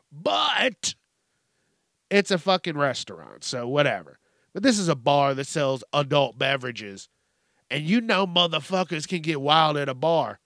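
A man's voice: fairly high pitch, no echo, clean studio sound. A man hosting a podcast, ranting casually and profanely, acting out other people's voices. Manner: profane, animated, acts out voices. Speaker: podcast host. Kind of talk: casual comedic rant.

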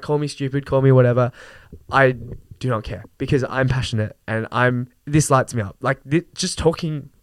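A man's voice: medium pitch, no echo. A young man hosting a podcast, ranting casually, with lots of fillers and some swearing. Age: young adult. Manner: animated, swears, frequent fillers and laughs. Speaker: podcast host. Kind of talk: casual rant.

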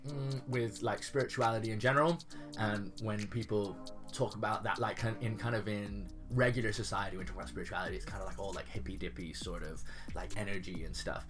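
A man's voice: fairly low pitch, steady tone, brisk, music in the background. A young man telling his story as an interview guest, chatting casually, laughing often and saying "like" a lot. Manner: chatty, says "like" a lot, laughs while talking.

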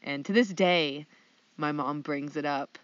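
Animated woman telling a funny story. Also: low-pitched, a little slow, dry recording, distant mic. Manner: animated, acts out dialogue, many fillers. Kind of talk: casual storytelling. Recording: dry, dull sound.

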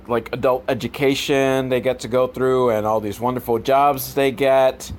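A man's voice: medium pitch, normal speed, hardly any pauses. A man giving rambling, sarcastic and profane commentary on old films. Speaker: comedy commentary host.

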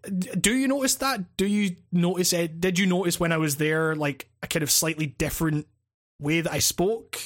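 A Scottish man talks on a podcast in a loose, rambling way. His voice sits a little high for a man. He piles up fillers, restarts and casual swearing as he thinks aloud. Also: moderate pace. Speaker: podcast co-host and video essayist.

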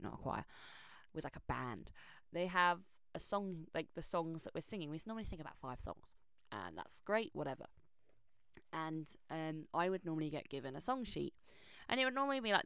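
A young woman telling a personal story in a chatty, animated way, full of fillers and restarts. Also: deep voice, dry recording. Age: young adult. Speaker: vlogger. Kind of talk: casual storytelling. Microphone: close microphone.

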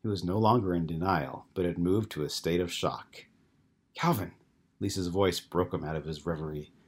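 A man narrating an audiobook in a calm, even storytelling manner. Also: low-pitched, brisk, slightly rough. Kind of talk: scripted narration.

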